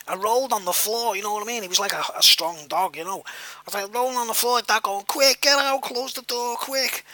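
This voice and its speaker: A man's voice: high-pitched, sharp tone, no echo. A man telling a personal story in a rambling, repetitive way, full of fillers and the odd swear word. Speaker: vlogger.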